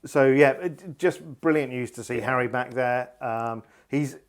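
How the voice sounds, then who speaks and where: A man trades rally news with his co-host in a relaxed, wordy way. He tells long anecdotes and drops in jokes as he goes. His pitch sits at an ordinary middle height for a man. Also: unhurried. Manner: chatty, jokey, wordy storyteller. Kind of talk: casual chat.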